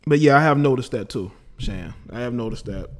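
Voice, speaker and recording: A man's voice: mid-range voice, animated, brisk. A man hosting a casual call-in livestream, boastful and laughing as he talks to his chat and callers. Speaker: livestream host taking call-ins.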